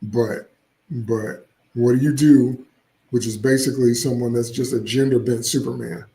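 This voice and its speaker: A man's voice: mid-range voice, steady tone, normal speed, warm tone, roomy sound, low-quality recording. A man hosting casual solo commentary, opinionated and chatty with frequent asides. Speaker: comics channel host.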